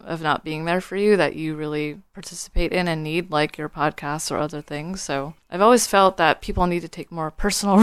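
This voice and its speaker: A woman's voice: low-pitched, a bit bright, clear, resonant tone, no room sound, studio quality. A woman guest from the Bay Area, speaking earnestly and urging people to get involved. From San Francisco Bay Area. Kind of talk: interview answer.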